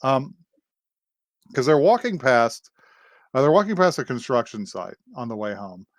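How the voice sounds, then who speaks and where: Lively, animated male podcast storyteller. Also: mid-range voice, measured pace, dry recording. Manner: rambling, animated storytelling that acts out characters' lines. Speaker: podcast co-host. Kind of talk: casual chat recapping an anime episode.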